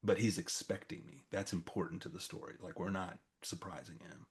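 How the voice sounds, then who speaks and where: Middle-aged man with a low, husky voice, telling a story in relaxed conversation. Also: brisk. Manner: conversational, acts out quoted dialogue, frequent fillers. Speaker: storyteller recounting a campus crisis. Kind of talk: casual spoken storytelling to a small audience.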